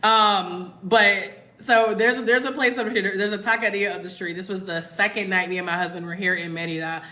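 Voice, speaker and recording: Woman, American, young adult, casual livestream chat, emphatic, bright voice. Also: medium pitch, fairly even intonation, moderate pace. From United States. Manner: chatty, emphatic, addresses viewers as y'all. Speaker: expat content creator. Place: home in Mexico. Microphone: phone.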